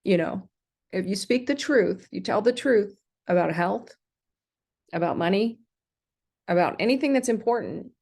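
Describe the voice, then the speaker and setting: A woman's voice: mid-range voice, expressive, moderate pace, gravelly, long pauses, darkish tone, husky. A middle-aged American woman delivering a rambling, indignant vlog rant, full of ums and restarts. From United States. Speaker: vlogger. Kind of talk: ranting livestream monologue.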